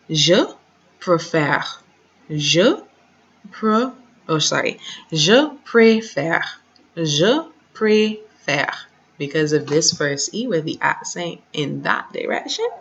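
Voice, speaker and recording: A woman's voice: low-pitched, a bit bright. A woman teaching a French lesson, patiently repeating each conjugation and encouraging her students to practise. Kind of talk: slow classroom lesson, repeating drills. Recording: dull lo-fi sound.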